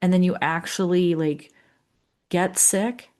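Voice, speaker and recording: A woman's voice: lowish voice, steady tone, slow pace, a little mellow. A middle-aged woman coaching people who lost school leadership jobs, talking earnestly and chatting, often acting out what her clients might say. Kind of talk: coaching session talk.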